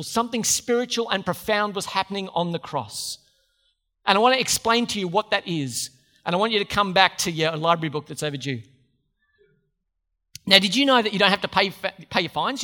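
A man's voice: high-pitched, bright, forceful tone. A man preaching a sermon, conversational, with joking asides to the congregation.

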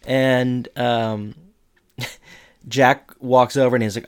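A woman chatting casually on a podcast, recapping a TV episode and jumping her voice up high for quoted lines. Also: a little slow. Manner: lively, jumps pitch for quoted lines.

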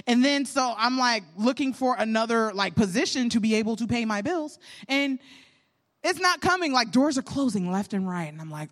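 Candid young woman, slightly high voice. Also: animated, brisk, fairly bright tone. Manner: earnest, candid storytelling with self-deprecating humor. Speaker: podcast host. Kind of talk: faith podcast monologue.

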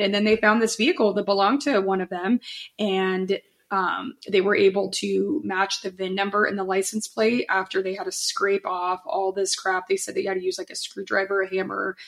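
Casual woman co-host, chatty storyteller, mid-pitched. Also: level tone, normal speed, a bit bright. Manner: chatty, loose, with frequent fillers and laughs. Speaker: podcast co-host. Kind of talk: casual chat, storytelling a news case.

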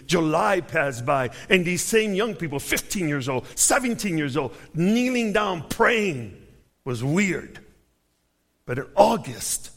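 A man from Chicago preaches as a guest speaker, telling his story in a lively, high-pitched voice. He swings up for emphasis and sinks low for asides and quoted voices. His words ring with the long reverb of a large hall. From Chicago, United States. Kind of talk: storytelling sermon.

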